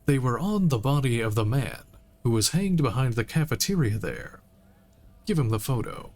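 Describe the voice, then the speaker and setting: A man streaming a game, reading its text aloud in a relaxed way and making occasional asides. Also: mid-range voice, moderate pace. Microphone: streaming mic.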